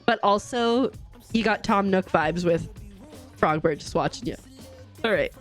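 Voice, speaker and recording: A woman's voice: mid-range voice, measured pace, faint music behind. A woman streaming a game live, chatting casually, laughing often and greeting her chat viewers. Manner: bubbly, giggly, greets chat viewers warmly.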